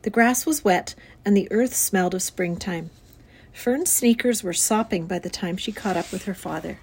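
A woman teacher reading a children's novel aloud to her class in a clear, expressive storytelling voice. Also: medium pitch, normal speed. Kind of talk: read-aloud children's book.

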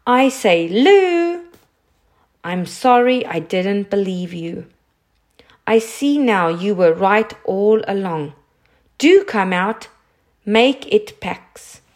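A woman's voice: medium pitch, takes it slowly, close to an everyday voice. A woman voicing an awkward, sulky young schoolboy in a raised, pleading boyish tone. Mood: calling out.

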